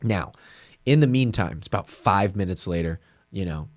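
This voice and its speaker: A man's voice: low voice, moderate pace, no echo. A young man hosting a podcast, telling a story in casual chat and acting out the voices of the people in it. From United States. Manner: animated, acts out quoted voices, laughing. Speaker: podcast host.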